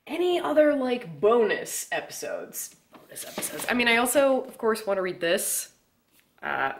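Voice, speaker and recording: Excitable young woman chatting about books. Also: lowish voice, a little hiss or hum. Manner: excitable, rambling with fillers and laughs. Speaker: book vlogger. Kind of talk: casual vlog chat. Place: indoors at home by a bookshelf.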